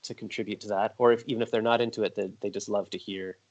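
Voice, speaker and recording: A man with a fairly low voice hosts a podcast interview at a brisk clip. He chats casually and rambles through long, chatty stories. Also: steady tone, muffled recording. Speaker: podcast host.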